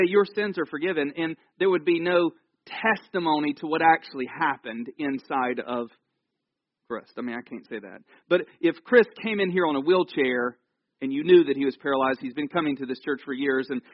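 Pastor, high male voice, chatty sermon with humor, dry slightly muffled recording. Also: no room sound. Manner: animated, jokey storytelling with asides. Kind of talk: conversational sermon. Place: church.

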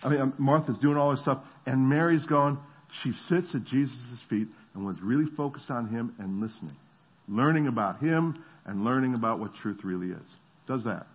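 A middle-aged man preaches with a slightly husky voice, at an ordinary pitch for a man. He tells stories with animated energy and slips into voices for the people in them. The recording sounds a bit dull and lo-fi. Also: moderate pace. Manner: animated storytelling, acts out voices. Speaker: pastor. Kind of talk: sermon.

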